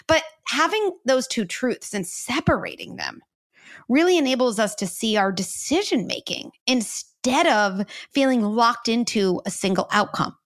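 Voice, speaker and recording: A woman's voice: fairly high pitch, lively intonation, measured pace. Woman explaining parenting ideas earnestly. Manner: earnest, explanatory, with frequent "like" and "you know". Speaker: guest, parenting expert and author. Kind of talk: conversational interview.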